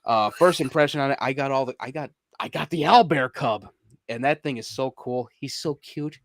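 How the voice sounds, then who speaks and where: Podcast co-host, male, mid-pitched, dry close sound; casual, laughs a lot, restarts his sentences. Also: moderate pace, dry recording. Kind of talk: casual chat about video games.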